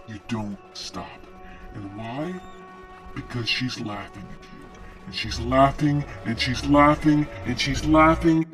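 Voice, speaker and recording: An actor playing a male cult leader on a talk show, who rambles in a calm, self-assured and surreal way. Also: mid-range voice, close to an everyday voice.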